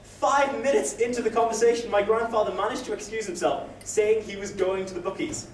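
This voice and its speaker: A man's voice: high-pitched, steady tone, a little fast, far from the mic. A young man doing a stand-up set at an open mic night, rambling and self-deprecating with the odd swear. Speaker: stand-up comedian. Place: open mic comedy night, indoor room. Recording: echoey room recorded from afar, noisy.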